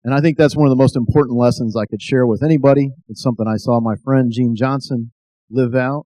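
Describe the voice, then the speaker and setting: A middle-aged American man tells a personal story as a speech, earnest and steadily building to emphatic appeals. His voice sits at an average pitch and is recorded close and dry. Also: steady tone, fast, mellow, dry recording. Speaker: speaker. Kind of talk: testimony speech.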